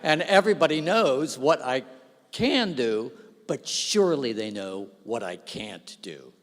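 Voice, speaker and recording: A man's voice: medium pitch, measured pace. A man giving a self-deprecating, storytelling speech from the stage at an awards gala, speaking into a stage microphone. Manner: self-deprecating, animated anecdotes. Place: large hall. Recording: long hall reverb.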